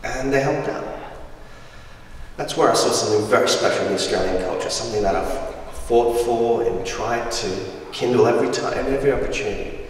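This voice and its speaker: A young man from Afghanistan giving a lively, humorous storytelling talk as a guest speaker in a school hall, heard through a distant microphone. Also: mid-range voice, brisk, slight background noise. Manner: lively, humorous, acts out voices of people in his stories. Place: large school hall with audience. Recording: roomy echoey hall from far off.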